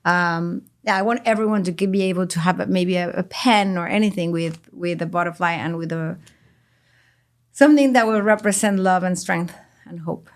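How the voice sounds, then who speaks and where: A woman's voice: lowish voice, moderate pace. A woman, a native Spanish speaker in her forties, telling stories with feeling as a guest in a casual conversation. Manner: emotional, animated storytelling.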